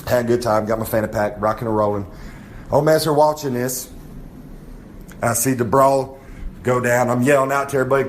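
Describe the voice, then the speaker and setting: Swaggering wrestler bragging. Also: male voice, medium pitch, a little fast, slight background noise. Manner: swaggering, rambling, drawling brag. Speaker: wrestler giving a comic segment. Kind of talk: boastful in-character monologue.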